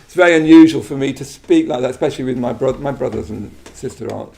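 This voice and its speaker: A middle-aged man from England giving a reflective Buddhist talk, halting and full of restarts, with quiet trailing asides. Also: mid-range voice, creaky, slight background noise.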